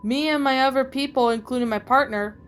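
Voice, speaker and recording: A woman's voice: sits high, fairly quick, clean tone, soft background music, close to an everyday voice. Woman voicing a friendly, easygoing man.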